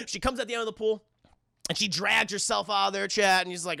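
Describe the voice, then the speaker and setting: High gravelly profane streamer man. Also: expressive, quick pace, pushed and bright, dry recording. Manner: profane, rambling, many fillers. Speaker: streamer reviewing a film. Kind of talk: casual spoiler recap to chat.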